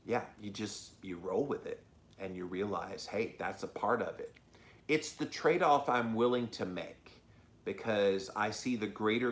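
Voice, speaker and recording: A man's voice: fairly low pitch, roomy sound. A man hosting his own show, talking earnestly and emotionally straight to his viewers in a casual, confessional way. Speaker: host. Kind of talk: casual talk to camera.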